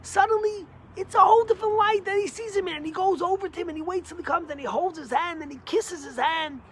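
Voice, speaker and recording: A man, a rabbi, giving a short Torah lesson through stories, animated and emphatic with big swings in pitch and loudness. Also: quick pace, a little hiss or hum. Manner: energetic, emphatic.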